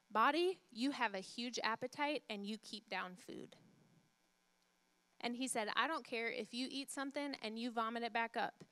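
A woman pastor preaching a sermon, emphatic, repeating phrases and asking the congregation questions, dropping to a soft hush when she retells a story. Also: a little high, clear, resonant tone, no echo.

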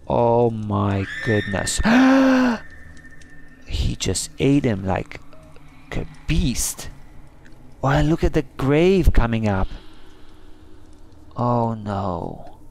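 A man's voice: mid-range voice, animated, very slow, gravelly, pauses often, darkish tone, a little hiss or hum. A man commentating a scary game he is playing, easily spooked, gasping and crying out in alarm. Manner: jumpy, easily spooked, gasps and cries of "oh no". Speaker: gaming channel host. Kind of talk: let's play commentary.

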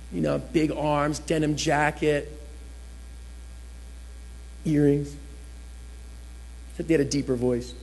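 A man with a high voice tells his own testimony to a church gathering. He tells it as a vivid story, changing his voice to act out what others said. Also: darkish tone. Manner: storytelling, acts out quotes with shifting voice. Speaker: guest speaker giving testimony.

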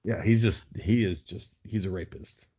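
Deep-voiced man riffing sarcastically. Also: moderate pace, warm tone, husky, muffled recording. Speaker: podcast guest. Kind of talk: casual podcast chat.

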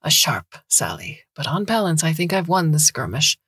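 A woman's voice: low-pitched, very animated, normal speed, fairly bright tone, breathy edge, dry recording, full character voice. A woman doing a dry, stubborn male poet.

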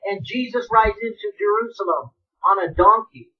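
A man preaching a fiery sermon on the radio, swinging from shouted pleas to hushed, dramatic asides. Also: sits high, normal speed, distant mic, highs cut off.

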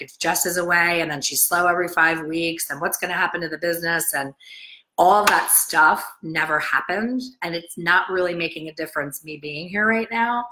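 A middle-aged salon owner talks straight to camera in a casual, blunt, motivational way. Her voice sits low but comes out bright and forceful. She is chatty and animated, and she acts out the people she quotes. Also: low-quality recording. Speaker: salon owner and hair colorist coach.

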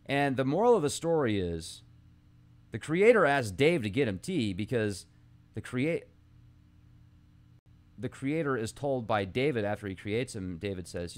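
Guy with an average pitched voice rambling on his podcast, reading old texts and going off on tangents. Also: very animated, unhurried, pauses often. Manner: rambling, musing aloud with asides. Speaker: podcast host. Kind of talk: casual monologue, reading ancient texts aloud.

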